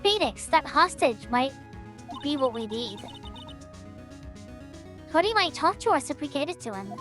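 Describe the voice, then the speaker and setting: A woman voicing a composed senior woman lawyer who speaks in a calm, measured, reassuring way. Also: high-pitched, soft background music, exaggerated voice.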